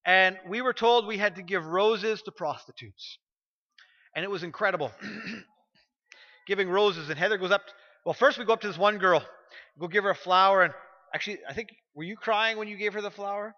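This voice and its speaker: A man's voice: high voice, moderate pace, bright, forceful tone. A middle-aged male pastor preaching a sermon, telling stories and pressing his points with emphatic repetition. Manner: storytelling, emphatic, repeats phrases when pressing a point. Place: church sanctuary. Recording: dull recording with long hall reverb.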